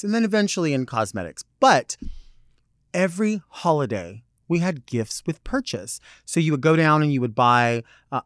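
Campy drag host with a dry close sound. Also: male voice, medium pitch, a bit bright, dry recording. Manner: theatrical, playful drag persona with sassy asides. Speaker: podcast host. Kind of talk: campy talk show monologue.

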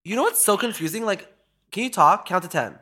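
A man hosting a podcast in casual, jokey, animated chat, swearing freely. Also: high voice, brisk. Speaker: podcast host.

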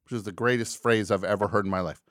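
A man's voice: on the low side, steady tone, fast, fairly bright tone, no room sound, clean studio sound. A man hosting a call-in talk show, chatting casually with rambling, jokey asides.

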